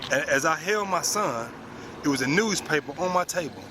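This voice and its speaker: A man in his forties tells a personal story to an audience, speaking plainly and mixing in street slang. His voice sits a little higher than most men's. Steady background noise runs under the recording. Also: moderate pace. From United States.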